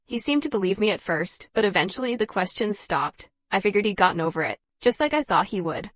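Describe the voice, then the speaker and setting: A woman tells a dramatized first-person story in a measured, even read. Her pitch sits in the middle of the range. The recording is dry and close, with no room echo.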